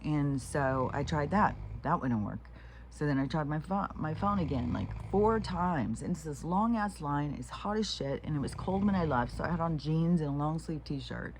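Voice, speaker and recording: A woman's voice: low-pitched, animated, normal speed, a little hiss or hum. A woman talking to camera in a meandering, frank monologue, swearing freely and often restarting her sentences. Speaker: vlogger. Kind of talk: rambling casual monologue.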